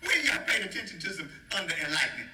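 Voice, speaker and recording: High-voiced preaching pastor, animated. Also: male voice, quick pace. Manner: animated call-and-response preaching, playful asides. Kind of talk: sermon. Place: church. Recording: echoey room, faint noise.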